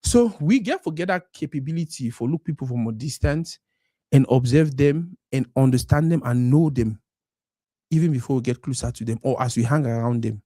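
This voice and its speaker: A man's voice: mid-range voice, normal speed, warm tone, no room sound, clean studio sound. A man from Cameroon with a Cameroonian Pidgin English accent, hosting a live stream in a casual monologue that slides between Pidgin and English. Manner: mixes Pidgin and English, acts out quoted voices.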